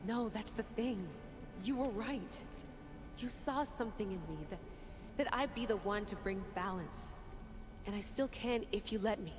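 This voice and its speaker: A woman's voice: medium pitch, a little slow, close to an everyday voice. An actress playing a determined young woman researcher in a video game cutscene, speaking earnestly and insistently. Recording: reverberant game audio over music.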